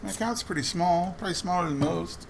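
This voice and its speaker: A man's voice: high voice, fast talker, creaky, slight background noise. A man casually telling a rambling anecdote while sorting coins, quoting other people's lines as he goes. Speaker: coin roll hunting vlogger. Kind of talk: casual storytelling while searching coin rolls.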